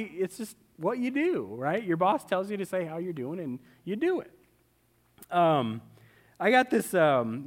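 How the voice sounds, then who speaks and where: A man's voice: sits high, a bit bright. A man in his forties giving a conversational sermon in a large church, often checking in with the congregation and acting out quoted voices. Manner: conversational, keeps asking "right?", acts out quoted voices. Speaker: pastor.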